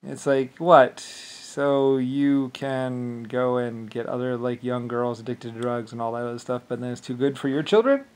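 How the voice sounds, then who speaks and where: A man talking alone in a loose, rambling rant at an ordinary middle pitch. He swears freely and waves things off with filler, one thought spilling into the next. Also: moderate pace, hardly any pauses. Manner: profane, dismissive rant with frequent filler. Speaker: channel host. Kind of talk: rambling solo monologue.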